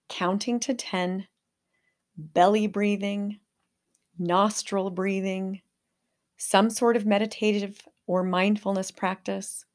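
An older woman hosting a parenting podcast, speaking calmly in a coaching tone. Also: mid-range voice. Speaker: podcast host.

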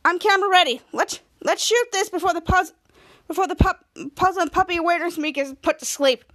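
A woman voicing a dramatic, bossy teenage girl who makes shrill, demanding outbursts. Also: a little fast, a bit bright.

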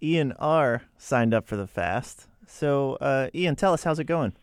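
A man's voice: mid-range voice, lively intonation, a little slow, clear, resonant tone, no echo. Guy cohosting a radio chat, bouncy curious questions, dry booth sound. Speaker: podcast co-host.

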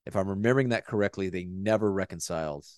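A man talks through a TV episode with his co-host in loose, rambling chat, tossing in jokes and the occasional curse. His voice sits low, and the recording is dry and close with no room sound. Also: fast, darkish tone, no room sound. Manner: rambling, jokey, swears casually. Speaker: podcast co-host. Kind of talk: casual chat.

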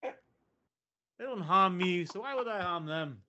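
A man co-hosting a casual comedy podcast, telling animated stories and swearing freely. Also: high voice, slow pace, lo-fi sound. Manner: animated storyteller, swears freely, slips into joke voices. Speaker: podcast co-host.

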